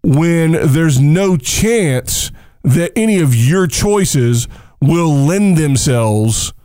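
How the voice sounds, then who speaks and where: A man co-hosting a casual tennis talk show, who is also a coach, animated and jokey, firing off emphatic rhetorical questions. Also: on the high side, drawn-out words, no echo, clean studio sound. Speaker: tennis podcast co-host. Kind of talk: casual sports chat.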